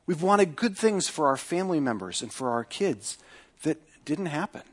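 A middle-aged male pastor preaching a sermon, asking the congregation rhetorical questions and dropping to a softer voice to pray. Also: expressive, normal speed. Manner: acts out quoted speech with lifted pitch; prays in a softer, lower voice.

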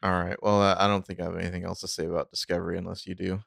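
A man's voice: low-pitched, rapid-fire, vocal fry, dry recording, clean studio sound. A man co-hosting a podcast in casual chat, rambling and acting out characters as he talks. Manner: rambling, animated quoting of characters. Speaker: podcast co-host.

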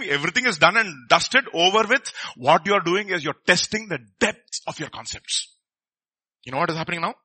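A man's voice: sits high, pushed and bright, breathy edge. A middle-aged man, preaching a sermon in a conversational way and often asking the congregation questions.

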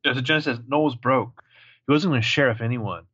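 A man co-hosting a recap podcast in a casual chat, animated and swearing as he retells scenes. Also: mid-range voice, fairly quick, breathy edge, dry recording, dull audio. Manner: animated, swearing, jumping into voices for quoted lines. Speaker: podcast co-host recapping a TV episode.

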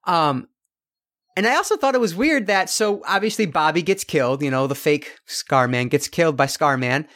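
A man in casual podcast chat with a somewhat high-pitched voice. He rambles through his points and fills the gaps with ums and restarts. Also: lively intonation, moderate pace, a bit bright. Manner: rambling, many fillers and restarts. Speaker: podcast co-host. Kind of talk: casual film review chat.

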